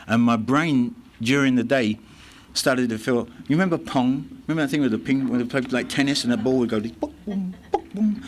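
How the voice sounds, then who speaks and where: Halting English man telling his recovery story. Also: medium pitch. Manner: halting, many restarts and fillers. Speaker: recovery meeting speaker.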